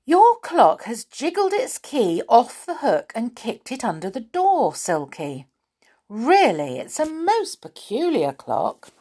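Lady reading a jolly round-faced magic guy, exclaims a lot, breathy. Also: fairly high pitch, animated, moderate pace, few pauses, darkish tone, voice pushed up. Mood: amazed.

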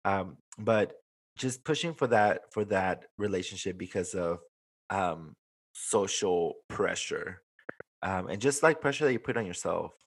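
Man, podcast co-host, casual chat, lower voice, loose and profane, close mic. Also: animated, measured pace, breathy edge. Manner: swearing, laughs often, mixes in Spanish. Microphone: desk microphone, close.

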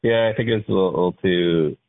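Low gravelly guy on a podcast, chill short answers, tinny phone sound. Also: a little fast, no echo. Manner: laid-back, short easygoing replies. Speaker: podcast co-host. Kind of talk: casual chat.

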